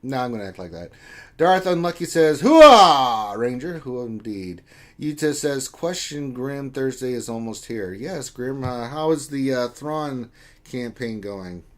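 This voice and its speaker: A man's voice: medium pitch, expressive, unhurried, a little mellow. A man co-hosting a casual live stream, reading viewer chat aloud with joking, playful teasing.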